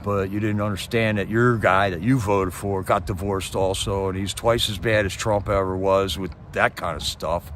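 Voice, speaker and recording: A man's voice: deep voice, fairly even intonation, normal speed, few pauses, a bit bright, slight background noise. A man hosting a livestream, ranting about politics in a casual, impassioned way and firing off rhetorical questions while answering his chat. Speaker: livestream host reading chat.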